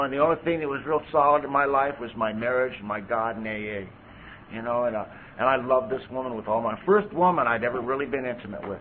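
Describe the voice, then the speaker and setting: A man's voice: mid-range voice, slight background noise. A middle-aged man from California telling his recovery story at a meeting, candid and conversational, full of "you know". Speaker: AA speaker. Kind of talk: recovery testimony. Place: convention hall podium. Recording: tinny lo-fi tape recording.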